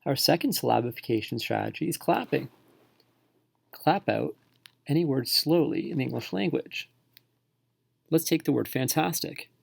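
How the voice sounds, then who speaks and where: A male teacher narrating a spelling tutorial for parents and students, speaking slowly and sounding words out syllable by syllable. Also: medium pitch, lively intonation. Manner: slow, clearly enunciated, sounding words out.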